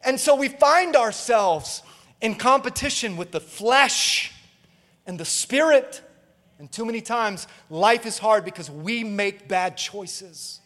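A man's voice: high-pitched, lively intonation, takes it slowly, bright, forceful tone, big-room sound. A man preaching a sermon as pastor, emphatic, with call-and-response asides and acted-out quotes. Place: church auditorium.

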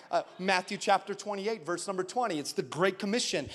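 High-voiced preaching male pastor. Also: moderate pace, hardly any pauses, fairly bright tone. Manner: preaching with rising intensity, calling out to the congregation; storytelling, tender and emotional. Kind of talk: sermon. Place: church.

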